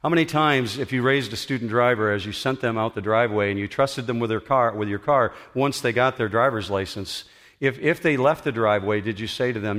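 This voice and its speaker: Middle-aged man, pastor, sermon, earnest, emphatic, dramatic pauses, auditorium. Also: medium pitch, fairly bright tone.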